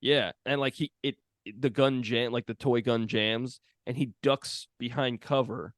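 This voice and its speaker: Man, podcast host, mid-pitched, easygoing and rambling, dry close mic. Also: measured pace, no echo. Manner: relaxed, retelling scenes, filler-heavy. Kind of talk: casual film chat.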